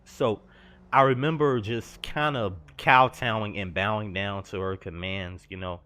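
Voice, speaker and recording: A man's voice: on the low side, fairly even intonation, measured pace, bright, forceful tone, clean tone. A young man telling a personal story over gameplay, earnest and confessional, slangy and rambling. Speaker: gaming vlogger.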